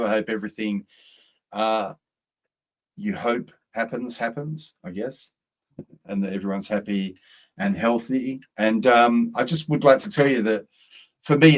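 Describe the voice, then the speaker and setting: Lively rambling storyteller man. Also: medium pitch. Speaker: co-host. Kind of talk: casual chat.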